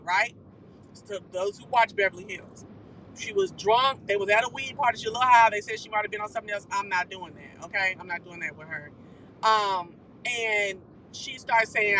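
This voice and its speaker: A live-stream host dishes gossip from behind the wheel, talking quickly and swearing freely. The voice is bright and forceful, with an animated, chatty delivery. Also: mid-range voice, a little hiss or hum, rough recording. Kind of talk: casual gossip recap. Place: car while driving.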